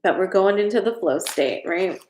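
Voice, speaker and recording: A woman's voice: medium pitch, animated, moderate pace, a little mellow. Chatty woman host in an echoey room. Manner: casual, chatty, reads viewer comments, gets emotional. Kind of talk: live-stream spiritual card reading chat. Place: at home, in a room of her house.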